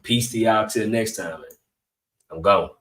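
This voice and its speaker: A man's voice: lowish voice, a little slow, over loud music. A man hosting a political commentary channel, talking bluntly in slang straight to his viewers. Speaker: channel host.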